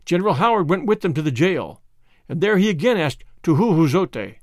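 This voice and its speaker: Man reading a memoir, lively high voice. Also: brisk, no room sound, clean studio sound. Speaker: audiobook narrator. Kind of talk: first-person memoir reading.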